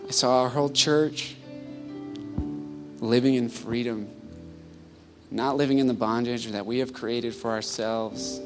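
Earnest male pastor preaching over soft music. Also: mid-range voice, fairly even intonation, a little slow, long pauses. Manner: earnest, builds to loud pleading peaks. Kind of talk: sermon. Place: church sanctuary.

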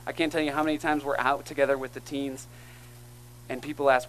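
A man's voice: medium pitch, level tone, brisk, a bit bright, a little hiss or hum, poor audio. A man preaching a sermon as pastor, earnest and emphatic, calling out to the congregation between points. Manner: earnest, emphatic preaching with call-and-response asides.

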